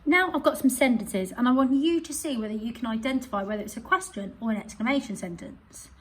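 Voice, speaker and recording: Expressive husky-voiced woman teacher. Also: a little high, fast talker, rough recording. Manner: expressive, reads examples aloud with emphasis. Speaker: primary school teacher. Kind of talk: online grammar lesson for children.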